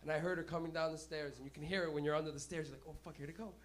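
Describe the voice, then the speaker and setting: A young man hosting a comedy night and telling stand-up stories in a loud, profane way, breaking into laughter, in a small club. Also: on the high side, fairly even intonation, rapid-fire, slight background noise. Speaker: comedy host. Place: small smoky comedy venue.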